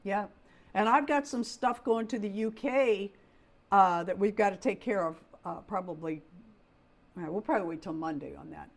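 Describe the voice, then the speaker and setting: Talking at a moderate pace in a creaky, mid-range voice, a middle-aged woman hosting a doll livestream works through a story. She is a chatty, casual storyteller who speaks with lots of feeling.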